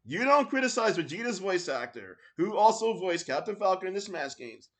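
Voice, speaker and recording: A man's voice: sits high, sing-song, normal speed. A man giving a sarcastic, mocking reaction commentary, swearing and mimicking the voices of others. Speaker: commentary YouTuber.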